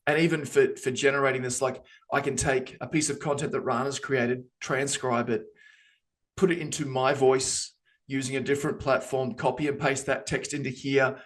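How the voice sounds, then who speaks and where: A man's voice: mid-range voice, steady tone, moderate pace. Rambling man demoing on a video call. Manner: rambling, lots of ums and restarts, playful. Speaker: co-presenter on a webinar. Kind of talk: casual live demo talk.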